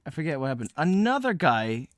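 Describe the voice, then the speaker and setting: Young guy on a podcast, lively storyteller, does little voices of people, dry close sound. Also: a little high, a little fast, dry recording. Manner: animated storyteller, mimics people he met, laughs often. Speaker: podcast co-host. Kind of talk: casual chat.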